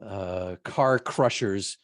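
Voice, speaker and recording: Halting, emphatic man telling his story. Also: sits low, fairly bright tone, dry recording, studio quality. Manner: halting, repeats words, slow and emphatic. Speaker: interview guest. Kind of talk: personal storytelling in an interview.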